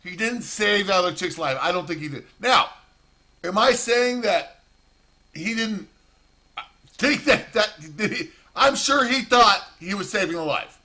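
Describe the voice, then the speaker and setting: A man's voice: high voice, lively intonation, a little slow, pushed and bright. A man telling a rambling, profane prison story in a casual monologue.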